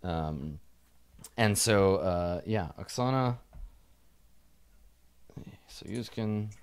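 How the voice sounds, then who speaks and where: A man's voice: sits low, animated, extremely slow, a little hiss or hum. A man narrating as game master of a tabletop game, rambling with fillers and restarts.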